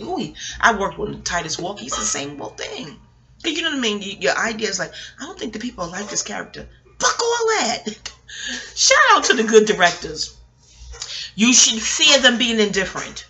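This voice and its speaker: A woman's voice: mid-range voice, pushed and bright. A woman, rambling through a casual, profane TV recap at home, digressing and laughing often. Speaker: vlogger reviewing a TV episode. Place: home, near a kitchen.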